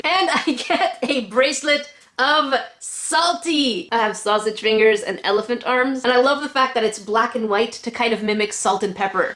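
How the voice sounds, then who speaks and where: A woman hosting a craft video, chatting casually and excitedly as she unboxes, then delivering a salty product review from her home craft room. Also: on the high side. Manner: gushing, excitable, gasps and laughs. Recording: echoey room.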